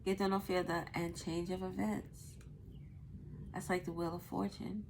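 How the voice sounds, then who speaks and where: A woman's voice: fairly low pitch, little pitch movement, moderate pace, gravelly, noisy background. A woman doing a casual tarot reading, thinking aloud, blunt and a bit profane. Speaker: tarot reader.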